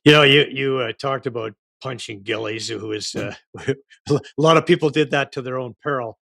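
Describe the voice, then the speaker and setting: A man's voice: mid-range voice, normal speed, creaky, fairly bright tone, dry recording, clean studio sound. A man hosting a sports talk show, asking conversational questions. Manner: conversational, short affirmations and prompts. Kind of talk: casual interview.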